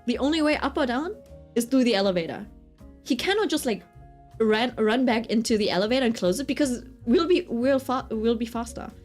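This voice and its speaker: A young woman telling a chatty, animated story to her stream audience, often checking in with her listeners. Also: a little high, fairly quick, faint music behind. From Britain. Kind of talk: casual storytelling chat.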